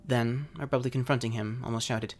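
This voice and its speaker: A man's voice: medium pitch, fairly even intonation, fairly quick. Man narrating a ghost story over music. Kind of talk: dramatic reading of a classic ghost story. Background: faint music.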